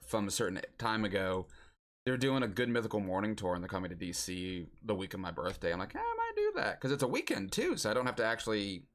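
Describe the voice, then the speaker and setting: Young adult man, game-stream host; relaxed musing chat with lots of pitch movement. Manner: thinks aloud, musing and chatty. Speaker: streamer playing a geography guessing game.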